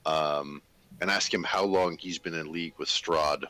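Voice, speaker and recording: A man playing a tabletop game, speaking in an animated, theatrical way. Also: a bass voice, a little slow, poor audio. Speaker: player.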